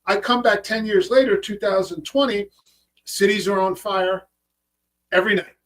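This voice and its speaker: A man's voice: high voice, fairly even intonation, normal speed, fairly bright tone, distant mic. A man in his fifties telling stories in a casual interview, swearing often and acting out what he once said to people. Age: 50s. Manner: profane, storytelling, acts out his own past remarks. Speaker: podcast host.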